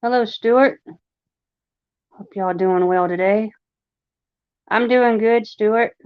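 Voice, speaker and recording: A woman with a Long Island accent hosts a casual livestream, chatting in a rambling way full of fillers. Her mid-range voice is slow and smooth, with no room sound, in a dry, slightly dull lo-fi recording.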